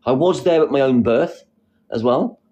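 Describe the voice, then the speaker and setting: A young man hosting a casual live stream, reading out comments with a playful, silly manner and sudden squeaky jokes. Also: normal speed, mellow, dull audio. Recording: faint background noise.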